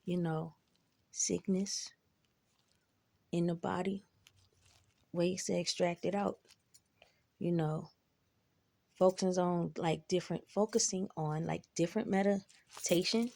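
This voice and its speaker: A woman's voice: lowish voice, fairly even intonation, slow, vocal fry, pauses often, a little mellow. A woman telling personal stories in a laid-back, rambling way, swearing freely and adding asides. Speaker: vlogger. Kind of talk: casual storytelling.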